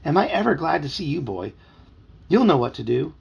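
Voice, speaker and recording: A man voicing an upset young boy who pleads in a high, loud, urgent voice. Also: sing-song, fairly quick, vocal fry, husky, dull audio, full character voice. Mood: tearful pleading.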